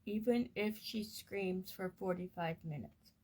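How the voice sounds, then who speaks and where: A woman reads a parenting course text aloud, unhurried and deliberate. Her tone is gentle and soothing, with a voice of middling pitch. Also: husky. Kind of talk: reading aloud from a book.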